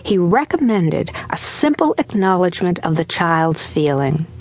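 A woman's voice: fairly low pitch, very animated, a little slow, few pauses, darkish tone, faint music behind. A woman narrating her parenting audiobook in an earnest, conversational way. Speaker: author and narrator.

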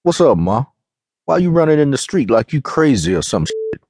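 A man's voice: mid-range voice, very animated, moderate pace, a little mellow, dry recording, clean studio sound, voice pushed up. A man voicing a cocky, menacing streetwise young man with slangy swagger, in an audiobook reading.

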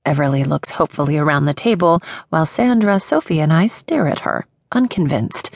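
Brief: wry first-person woman narrator, lively intonation, dry close-miked studio. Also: deep voice, fairly quick, vocal fry, hardly any pauses, no room sound. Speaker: audiobook narrator. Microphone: close studio mic.

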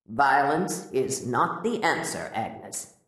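Female narrator playing a patient male therapist, deep and slow, imagined voice in a storybook. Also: sing-song, a bit bright, reverberant, full character voice. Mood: calm. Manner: slow, measured questioning.

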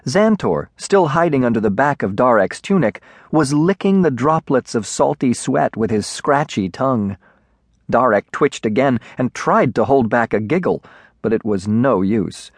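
A man's voice: medium pitch, lively intonation, moderate pace, no echo. Man narrating a children's storybook. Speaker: audiobook narrator.

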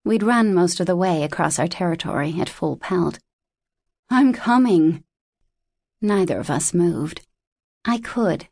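Low-voiced woman narrating a fantasy audiobook. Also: husky, dry recording, studio quality. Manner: measured, expressive storytelling. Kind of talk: scripted narration.

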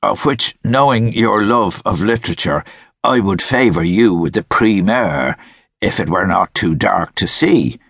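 A man's voice: on the low side, expressive, measured pace, gravelly, a bit bright, breathy edge, dry recording, voice pushed up, heavily acted. A man voicing a frail, dry old hunchback. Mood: dry, curt. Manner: dry, formal, clipped replies. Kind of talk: audiobook character voice.

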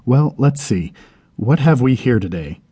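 A man's voice: mid-range voice, lively intonation, measured pace, dark tone, husky, no echo. A male audiobook narrator voicing a courteous, bureaucratic demon who works as a minor functionary in hell. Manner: courteous, mildly apologetic, matter-of-fact. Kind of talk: audiobook character reading.

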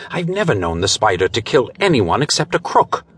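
A man voicing a controlled gentleman hero with a measured, grim way of speaking in an audiobook. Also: mid-range voice, sing-song, breathy edge. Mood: doubtful. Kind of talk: audiobook character voice.

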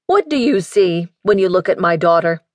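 A woman voicing a gruff, protective older male professor who scolds his grown daughter, with her voice raised in pitch. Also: lively intonation, normal speed, darkish tone, no echo, natural voice. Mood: stern. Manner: scolding, bossy.

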